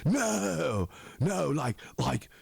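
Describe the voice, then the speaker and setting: A man putting on a shouty, gushing dude fan. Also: sing-song, extremely slow, creaky, slightly rough, no room sound, exaggerated voice. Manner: high-pitched, shouting, drawling "dude" talk. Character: excitable young male fan, dim and gushing.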